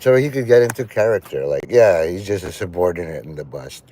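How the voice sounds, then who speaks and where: A man's voice: deep voice, a little fast. A man chatting casually and joking as he rambles through a livestream. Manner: rambling, joking, lively intonation. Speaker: livestream host.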